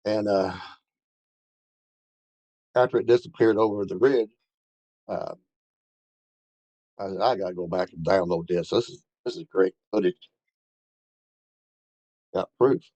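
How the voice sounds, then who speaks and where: A man's voice: low-pitched, unhurried, long pauses, dark tone, no echo, low-quality recording. A man telling a rambling first-hand story in a casual way, with many fillers and restarts. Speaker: bigfoot researcher telling an encounter.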